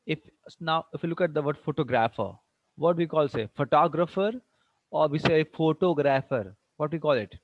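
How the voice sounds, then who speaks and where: A man's voice: fairly high pitch, a little fast, highs cut off, background noise. A man with an Indian English accent teaching an English class online. He asks many questions, repeats himself, and mixes in Hindi phrases.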